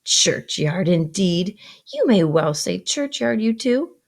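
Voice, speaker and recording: A woman voicing a harsh, bossy older sister who scolds in a shrill, raised voice. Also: very animated, slow, creaky, full character voice. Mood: scornful.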